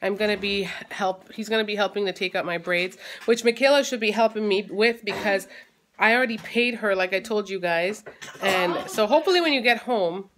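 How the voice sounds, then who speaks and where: A woman in her thirties, a mother chatting casually at home for her family vlog, teasing and quick to laugh. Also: medium pitch, fairly bright tone.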